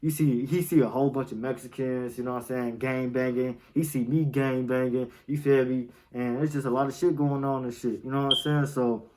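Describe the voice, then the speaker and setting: A man's voice: medium pitch, steady tone, fairly quick, hardly any pauses, a little mellow, slight background noise, low-quality recording. A young man, telling a story in casual, slang-heavy talk and often asking "you feel me.". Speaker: storytime vlogger.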